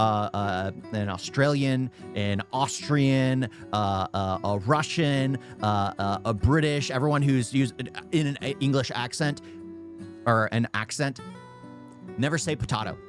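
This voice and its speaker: A man reacting to a video in casual commentary, halting and repeating his own phrases. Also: mid-range voice. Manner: halting, repeats himself, frequent restarts.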